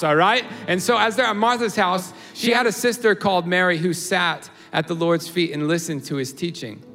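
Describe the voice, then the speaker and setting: A man's voice: on the high side, fairly bright tone, in a large hall. A man in his thirties preaching a sermon in a conversational, storytelling way, often checking in with "all right?" and "you know". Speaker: pastor.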